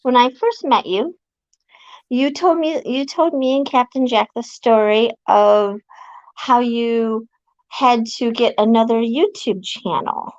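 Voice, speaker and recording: A woman hosting a casual interview, soft-spoken and a bit hesitant with restarts. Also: on the high side, slow pace, no echo. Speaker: interviewer host. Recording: dry, muffled lo-fi sound.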